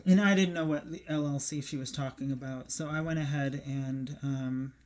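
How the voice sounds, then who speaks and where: Her bass voice is steady and a little mellow as she tells the camera a personal story. She's emotional, almost crying, and her delivery is halting and rambling with frequent fillers and restarts.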